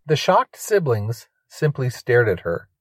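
Slow, measured male story narrator. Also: medium pitch, big pitch swings, a little hiss or hum.

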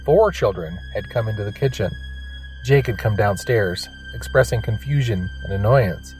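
A man narrating an audio drama in a measured, even storytelling manner. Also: fairly low pitch, soft background music.

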